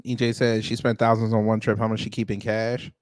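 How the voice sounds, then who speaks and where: A man's voice: on the low side, completely flat delivery, a little fast, no echo. A man hosting a casual reaction commentary, talking bluntly with exclamations and repeated phrases. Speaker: host commenting on a court hearing.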